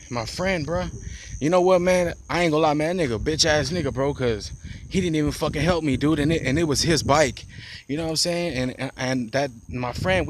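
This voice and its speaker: A man with a slightly high voice tells a personal story in a casual, rambling storytime monologue, full of profane slang, restarts and "bro." It's recorded outdoors on a phone, with a little hiss or hum.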